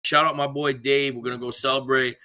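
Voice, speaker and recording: A male co-host with a very bright, forceful voice at middle pitch. He chats about games and shout-outs in an upbeat, joking manner. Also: flat delivery, fairly quick, clean tone. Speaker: sports show co-host. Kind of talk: casual sports chat.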